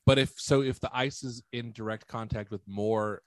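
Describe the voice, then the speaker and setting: A man's voice: mid-range voice, steady tone, moderate pace, no room sound. A man co-hosting a podcast in casual chat, joking and emphatic as he tells stories. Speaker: podcast co-host.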